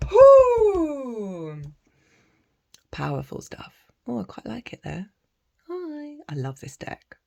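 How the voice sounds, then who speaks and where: A British woman giving a casual, animated tarot reading, chatty and swearing freely. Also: mid-range voice, a little slow, vocal fry, slightly rough. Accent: British English. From Britain. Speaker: tarot reader.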